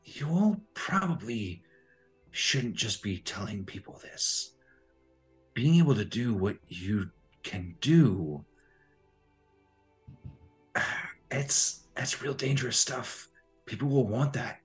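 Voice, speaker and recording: A man voicing a curious small-town innkeeper woman in a tabletop game, speaking in slow, drawn-out questions. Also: extremely low pitch, big pitch swings, darkish tone, faint music behind, full character voice. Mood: hushed. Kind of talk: tabletop role-play voicing.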